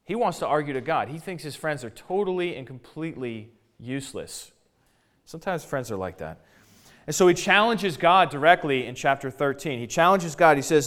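A man's voice: a little high, expressive, moderate pace, fairly bright tone. A man preaching from the Bible in a casual, conversational way, paraphrasing in modern slang and often repeating words as he goes.

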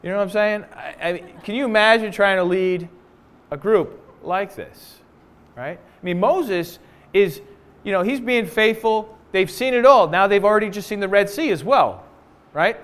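A man preaching a sermon to a congregation indoors, animated and jokey in a conversational way. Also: high-pitched, moderate pace. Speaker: pastor.

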